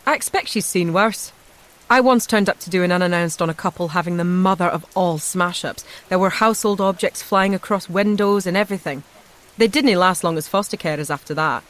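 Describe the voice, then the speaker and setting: A woman voicing a loud, gregarious Scottish man who jokes in a soft lilt. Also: brisk, natural voice. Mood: jovial. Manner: booming, joking, soft lilt.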